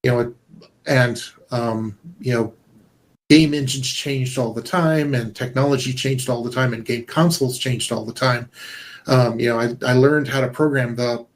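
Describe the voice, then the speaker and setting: A middle-aged man, a game developer guest, talking earnestly and rambling, with many fillers and restarts, over a video call. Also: mid-range voice. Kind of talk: casual conversation.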